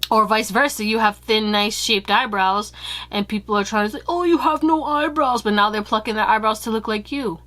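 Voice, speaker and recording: A woman's voice: flat delivery, brisk. A woman giving a casual pick-a-card tarot reading to her viewers, chatty and candid, with slang and casual swearing. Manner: acts out quoted remarks in higher, louder voices. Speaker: tarot reader.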